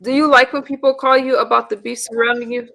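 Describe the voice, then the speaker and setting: Gravelly, bright-voiced woman streamer. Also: on the high side, little pitch movement, fast talker. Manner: chatty, rambling with many restarts. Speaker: livestream host. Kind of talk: casual live-stream chat.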